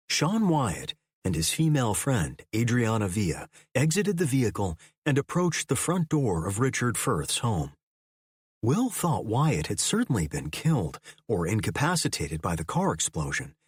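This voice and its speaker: A man narrating a thriller audiobook in a measured, storytelling way. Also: medium pitch, husky, no echo, clean studio sound.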